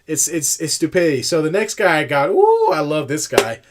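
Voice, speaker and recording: Ranting, animated male sports co-host. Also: a little high, a little fast, a little hiss or hum. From California. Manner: animated, ranting, lots of restarts and laughs. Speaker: podcast co-host. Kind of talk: casual sports talk.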